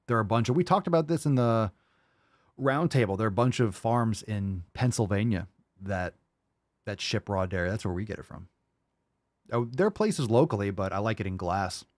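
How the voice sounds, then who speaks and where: A man's voice: fairly low pitch, darkish tone, no echo, clean studio sound. A man hosting a live call-in podcast, answering listener questions in a loose, rambling way, swearing freely and filling his talk with "like" and "you know.". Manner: loose, rambling and profane, with many fillers.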